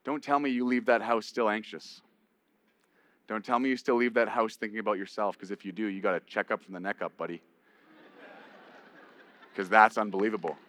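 A man preaching a sermon as pastor, rising to emphatic peaks and dropping to a quiet storytelling voice. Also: on the low side, steady tone, a little fast, pauses often.

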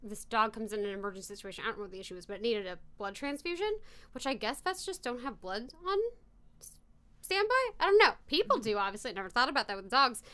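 A woman co-hosting a podcast, chatting casually and rambling through animated stories. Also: fairly high pitch, quick pace. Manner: animated storyteller, rambling, often says "anyway". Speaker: podcast co-host. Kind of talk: casual chat.

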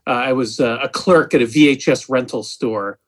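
A man's voice: medium pitch, moderate pace. Earnest man co-hosting a podcast. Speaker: podcast co-host. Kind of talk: casual podcast chat.

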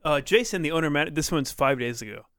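A man co-hosting a casual podcast chat, hesitant, often trailing off quietly. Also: fairly high pitch, animated, fast talker, clear, resonant tone, dry recording. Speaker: podcast co-host.

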